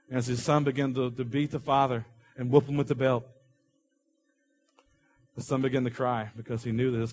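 Storytelling preacher, man, even-pitched. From Oklahoma. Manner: storytelling preacher, drops to a hush for quoted dialogue. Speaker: pastor. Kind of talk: sermon.

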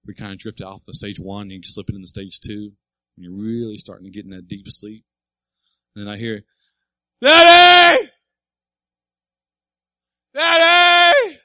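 A man's voice: fairly low pitch, level tone, fairly quick, darkish tone, no room sound, low-quality recording. A middle-aged male pastor preaching a sermon, telling a family story and building to emphatic appeals.

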